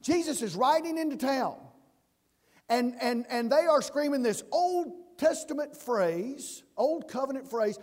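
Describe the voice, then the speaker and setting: A man's voice: very high voice, animated, unhurried, a little mellow. A man preaching a sermon, earnest and emphatic, often restarting his words. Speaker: pastor. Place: church sanctuary. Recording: long church reverb.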